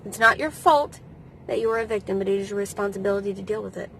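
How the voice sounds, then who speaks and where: A woman's voice: mid-range voice, fast, gravelly, fairly bright tone, slight background noise, low-quality recording. A woman in her thirties giving casual advice to camera in a vlog, blunt, emphatic and freely swearing. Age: 30s. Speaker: vlogger.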